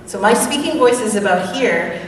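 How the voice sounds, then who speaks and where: A woman's voice: medium pitch, lively intonation, moderate pace, a little hiss or hum. Woman voice actor in an echoing hall. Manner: demonstrative, acts out how a voice was found. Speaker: guest voice actor on a convention panel. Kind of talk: convention panel anecdote. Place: large convention hall. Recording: echoey convention hall, distant mic, crowd.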